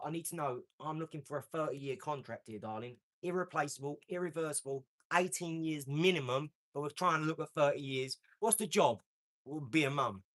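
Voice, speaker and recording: A brash man talks on a casual live stream, his voice sitting a little high for a man. He boasts, swears and drops slang, jumping between loud outbursts and low muttering. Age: 40s. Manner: brash, boastful, swings from shouting to mumbling.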